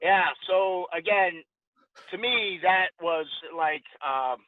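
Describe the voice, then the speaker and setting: A man in his forties, a podcast guest, casually telling lively stories and acting out the dialogue. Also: high-pitched, slow, no echo. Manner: animated anecdote-telling with quoted dialogue. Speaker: podcast guest, former boxer. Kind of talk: casual storytelling interview. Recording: dry, tinny phone-like sound.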